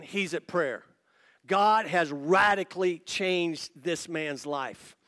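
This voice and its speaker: A male pastor preaching a sermon to his church congregation, telling a story with lively asides to the listeners. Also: high-pitched. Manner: animated storytelling with quick asides to the audience. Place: church service before a congregation.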